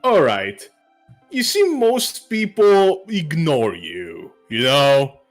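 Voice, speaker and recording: A man's voice: on the high side, huge pitch swings, extremely slow, faint music behind. A man narrating as game master of a tabletop game, laid-back and joking.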